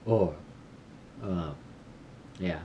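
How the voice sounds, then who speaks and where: Low mellow man sounding out syllables. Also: muffled recording, slight background noise. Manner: sounds out words slowly and repeats them, with self-deprecating laughs. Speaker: language learner vlogger. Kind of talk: casual self-recorded study vlog.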